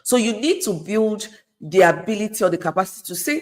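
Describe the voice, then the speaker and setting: A woman's voice: medium pitch, animated, fairly quick. A middle-aged woman, speaking as a guest in an earnest, conversational way and repeating phrases for emphasis. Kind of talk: conversational advice talk.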